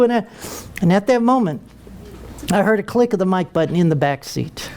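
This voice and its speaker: A man's voice: high voice, lively intonation, moderate pace, pauses often, background noise. An older American man, a retired military pilot, telling a humorous story to an audience in a wry, comic way. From United States. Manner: wry, comic, acts out quoted voices.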